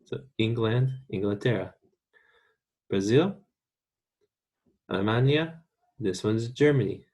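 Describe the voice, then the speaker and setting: A man from the United States teaching a recorded online Spanish lesson, patiently repeating words slowly for students to practice. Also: on the low side, expressive, darkish tone.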